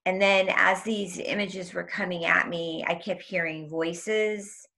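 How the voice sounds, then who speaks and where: Slow-spoken bright-voiced woman telling her story. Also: lowish voice. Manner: emotional, tumbling retelling full of "like" and quoted voices. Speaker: guest. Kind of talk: telling a personal story in an interview.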